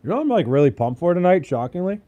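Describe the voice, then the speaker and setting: A man's voice: high voice, very animated, very fast, mellow, muffled recording. A young man chatting casually on a live stream, joking and swearing loosely with his chat while sounding tired. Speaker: livestreamer. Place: at home in Wisconsin.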